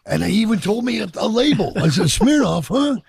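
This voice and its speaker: A man's voice: sits high, animated, brisk, darkish tone, dry recording. A man in his sixties from Chicago, telling personal stories in a candid, profane, reflective way during an interview and acting out the voices of people he quotes. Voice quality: gravelly and husky.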